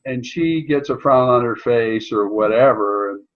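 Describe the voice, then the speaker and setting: A man's voice: medium pitch, measured pace. A middle-aged man asking an earnest, reflective question on a video call. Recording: dull lo-fi video call audio.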